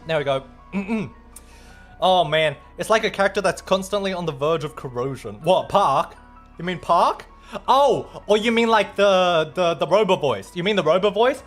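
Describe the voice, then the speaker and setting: A man's voice: sits high, a bit bright. A man with an Australian accent streaming, chatting casually and playfully as he reads out viewer messages, rambling and swearing now and then.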